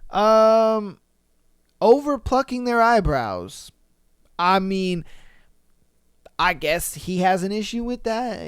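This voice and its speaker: Young male podcast host, blunt and profane, high and smooth voice, dry sound. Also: a bit bright, dry recording. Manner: blunt, profane, joking, fast talker. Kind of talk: casual chat.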